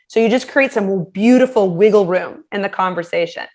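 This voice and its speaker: A woman's voice: medium pitch, fast talker, hardly any pauses. A woman giving practical communication advice as an interview guest, talking animatedly and acting out example phrases. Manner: animated, acts out quoted phrases in shifting voices.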